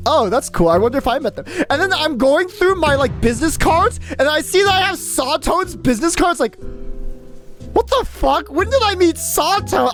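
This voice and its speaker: A young woman streamer in casual live-stream chat, rambling and animated, swearing often. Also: on the high side.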